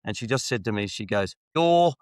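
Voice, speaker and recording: Middle-aged male podcast host, relaxed storyteller, lowish voice, dry close mic. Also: fast talker, dry recording. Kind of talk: conversational interview, anecdotes.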